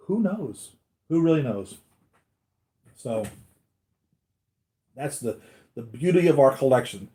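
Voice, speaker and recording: Male host, casual live-stream chat: rambling, plain mid-pitched voice, acts out people in his stories. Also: lively intonation, slow pace, long pauses, mellow. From United States. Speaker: collectibles channel host.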